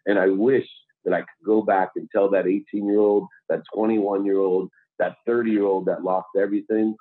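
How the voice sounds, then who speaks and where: A man's voice: fairly low pitch, flat delivery, moderate pace, dry recording. A man guest on a podcast, talking earnestly and a bit preachily about service and humility. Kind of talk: motivational interview talk. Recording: tinny phone-like line.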